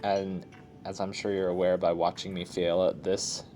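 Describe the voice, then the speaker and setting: A man's voice: sits low, little pitch movement, normal speed, mellow. A man casually commenting on a puzzle game as he plays, rambling through chatty asides full of filler words. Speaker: let's play host.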